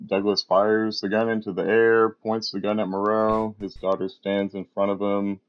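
Man flatly recapping a plot. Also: lowish voice, moderate pace, smooth, lo-fi sound. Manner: plain, matter-of-fact recapping. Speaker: podcast co-host. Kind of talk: casual chat, recapping a film plot.

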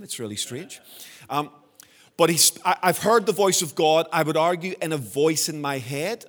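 Male preacher, mid-high voice, earnest sermon delivery with drawn-out emphasis. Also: fairly bright tone. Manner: earnest, emphatic with slow stressed phrases.

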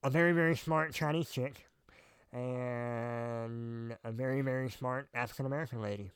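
A man co-hosting a casual podcast chat, relaxed and trailing off with fillers as he thinks. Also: medium pitch, normal speed, smooth, no room sound. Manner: laid-back, trails off with fillers. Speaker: podcast co-host.

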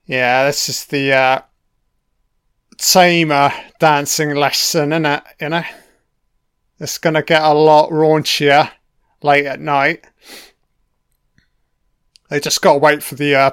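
A man's voice: on the high side, fairly even intonation, measured pace, long pauses, fairly bright tone, clear, resonant tone, dry recording, clean studio sound. A man giving a casual, laid-back film commentary, swearing often and talking back to the characters on screen.

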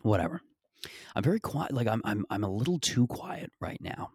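Low-voiced man rambling on his podcast. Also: sing-song, moderate pace, darkish tone, slightly rough, dry recording, studio quality. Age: around 30. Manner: rambling, joking, profane. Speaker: podcast host. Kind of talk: casual solo podcast monologue. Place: parents' backyard outdoors.

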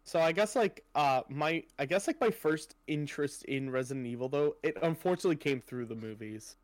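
Young male co-host, casual rambler, fillers and swearing, voice a touch high. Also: brisk. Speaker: podcast co-host. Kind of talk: casual chat.

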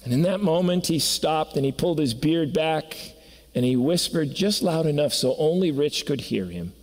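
A man's voice: on the high side, lively intonation, moderate pace, a little mellow. Earnest preacher man in an echoing hall. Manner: earnest storytelling, rising to emphatic peaks. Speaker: pastor. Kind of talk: sermon. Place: church sanctuary. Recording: long reverb of a church hall.

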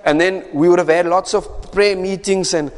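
A man's voice: high voice, fairly even intonation, normal speed. A man preaching a sermon in a conversational way, repeating phrases and often asking "right?". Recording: echoey hall.

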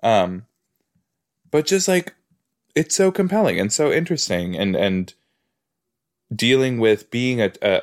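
A man hosting a podcast, chatting casually as he reacts to a TV episode, full of "like" and "you know". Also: mid-range voice.

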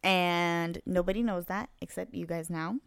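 A woman co-hosting a casual podcast, telling a story with lively retellings of dialogue and frequent swearing. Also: on the low side, moderate pace, creaky, smooth, dry recording. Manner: animated, swears freely, plays out quoted dialogue. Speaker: podcast co-host.

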